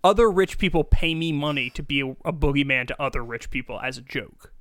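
A man's voice: a little high, fairly bright tone, dry recording, clean studio sound. A man co-hosting a casual podcast, riffing with crude jokes. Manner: jokey, quick to riff, crude. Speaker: podcast co-host. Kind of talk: casual joking chat.

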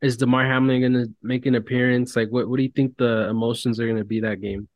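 Profane, animated sports podcast man. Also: mid-range voice, fast talker, no room sound. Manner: profane, animated, mocks announcers. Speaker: podcast co-host. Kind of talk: casual sports chat.

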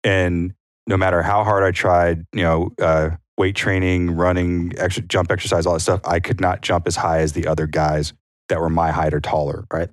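A man's voice: little pitch movement, moderate pace, dry recording, studio quality. A man co-hosting a podcast, chatting casually and telling stories, sometimes acting out what people said. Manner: storytelling, acts out quotes in a higher voice. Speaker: podcast co-host. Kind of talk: casual chat.

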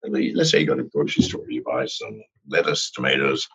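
A man speaking as a podcast guest, ranting in a profane, animated way. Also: rumbling low, quick pace, creaky, slightly rough, lo-fi sound. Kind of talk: podcast interview.

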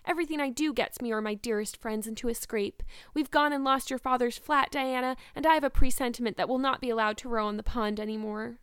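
A woman voicing an imaginative teenage girl, earnest and emphatic, sometimes quick and cold. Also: fairly high pitch, fairly bright tone, clear, resonant tone, dry recording, clean studio sound, pitched above the performer's own voice, close to an everyday voice. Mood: spirited.

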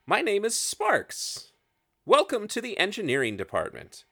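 A man's voice: high-pitched, wildly swooping pitch, unhurried, gravelly, bright, forceful tone, voice pushed up, exaggerated voice. A man voicing a small, polite female owl-bear creature who works as an engineer and hoots as she talks. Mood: chirpy welcome. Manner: polite, eager and hooting.

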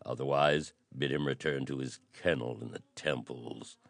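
A man's voice: extremely low pitch, steady tone, moderate pace, gravelly, no room sound. A man voicing a stern young prince who speaks in a cold, menacing way.

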